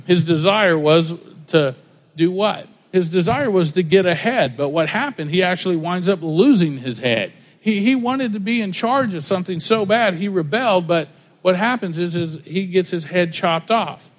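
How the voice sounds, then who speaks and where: A man preaching a sermon, conversational and full of rhetorical questions and everyday stories. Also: high voice. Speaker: pastor. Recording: long hall reverb.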